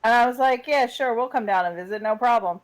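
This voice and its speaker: A woman in her forties co-hosting a radio talk show, telling a story in brisk, casual chat. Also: on the high side, poor audio. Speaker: radio co-host.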